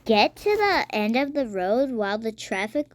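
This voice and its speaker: A young woman commenting on her own gameplay, dramatic and mock-angry with quick outbursts. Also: on the high side, big pitch swings, a little hiss or hum. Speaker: gaming vlogger. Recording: game music behind voice.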